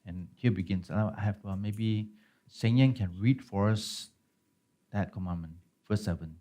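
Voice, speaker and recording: A man's voice: lowish voice, a little slow, mellow. A pastor teaching a Bible study class in a conversational way, often checking in with his listeners. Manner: conversational, checks in with listeners with frequent tag questions.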